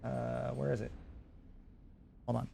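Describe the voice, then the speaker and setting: Gravelly chatty male streamer. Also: mid-range voice, completely flat delivery, slow, mellow, a little hiss or hum. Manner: rambling, chatty, talks to chat. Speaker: streamer and host. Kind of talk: casual live-stream chat.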